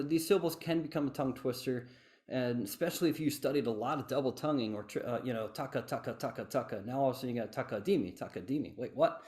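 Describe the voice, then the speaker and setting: A man's voice: mid-range voice, a little mellow. Man teaching fife rhythms on a call. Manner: chanting rhythm syllables with inflection, self-deprecating asides. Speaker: fife instructor. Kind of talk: online workshop lesson.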